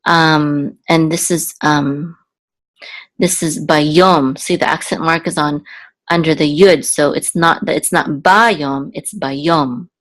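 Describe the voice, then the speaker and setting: Slow-spoken woman teaching, breaking into chant. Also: low voice, level tone, low-quality recording. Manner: slow, hesitant explaining with fillers and self-corrections, breaking into sung chant. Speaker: Biblical Hebrew teacher. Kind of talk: teaching lesson, alternating explanation and chanting.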